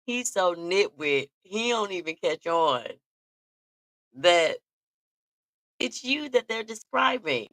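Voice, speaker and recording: Her voice sits on the low side and swings widely in pitch, with a fairly bright tone, a slow pace and long pauses, and there's no echo. As a podcast host, she tells lively, laughter-filled stories in a casual chat aimed straight at her listeners.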